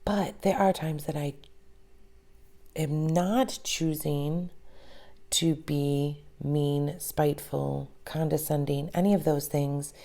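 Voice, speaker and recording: A woman in her forties speaking candidly in a reflective personal monologue, often pausing to search for words. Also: low voice, steady tone, mellow. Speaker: vlogger.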